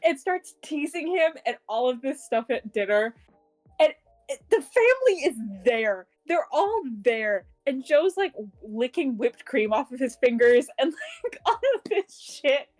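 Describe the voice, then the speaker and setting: A woman with a fairly high voice recaps a book for her podcast co-host in loose, casual chat. She giggles through the story, gushes about favourite scenes and drops the odd swear word. Faint music plays underneath. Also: big pitch swings, measured pace, darkish tone. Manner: giggly, gushing, swears freely.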